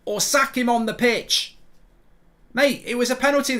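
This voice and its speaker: A middle-aged host of a live football watchalong rants with excitement, repeating himself while the match progresses. He speaks at a moderate pace in a very high-pitched voice, leaving long pauses.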